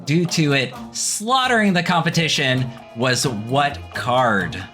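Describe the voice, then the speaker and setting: Male podcast host running a quiz game, relaxed and joking, lively ups and downs in his voice, with music behind. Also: mid-range voice, slow pace. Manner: laid-back, joking quizmaster. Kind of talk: casual podcast chat.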